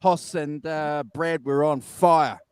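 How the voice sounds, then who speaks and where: A man with a New Zealand accent hosting a casual live-stream chat, excitable and easily flustered. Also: fairly high pitch, takes it slowly, clean tone, no echo. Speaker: show host.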